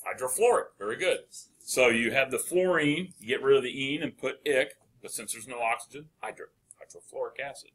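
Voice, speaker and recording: A man teaching a chemistry lecture, asking the class questions and answering them with quick encouragement. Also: mid-range voice, a bit bright.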